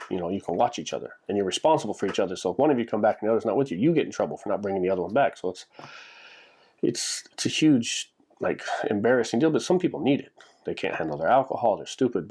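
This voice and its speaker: A man's voice: on the low side, a little mellow, slightly rough. A man vlogging, telling stories in a rambling, casual way, full of "like" and restarts. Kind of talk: casual storytelling monologue. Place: lives in Japan.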